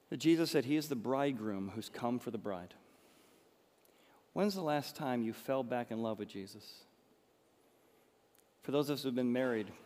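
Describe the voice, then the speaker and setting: A man preaching a sermon as pastor, passionate, moving between soft and emphatic delivery. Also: medium pitch. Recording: long hall reverb.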